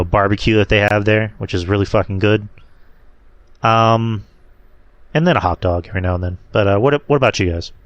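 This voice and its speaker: A man's voice: on the low side, a bit bright, smooth, no echo. A young man hosting a podcast in casual chat, rambling with lots of fillers and restarts. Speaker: podcast host.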